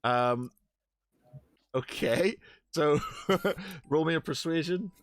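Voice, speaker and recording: A man's voice: fairly high pitch, slow, no echo, clean studio sound. A man running a tabletop game as game master, hesitant, with many fillers, restarts and laughs.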